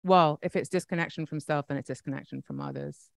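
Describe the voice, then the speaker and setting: A woman's voice: deep voice, fairly even intonation, fast talker, creaky, dry recording. A woman hosts an interview in a dry, close-miked sound. She listens closely and restates her guest's ideas in an affirming, reflective way. Her talk is casual and easy. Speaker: interview host.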